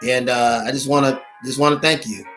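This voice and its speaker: A male minister addressing his viewers in a livestream, speaking in halting, earnest appeals full of pauses, fillers and restarts. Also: mid-range voice, fairly even intonation, a bit bright, soft background music. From United States.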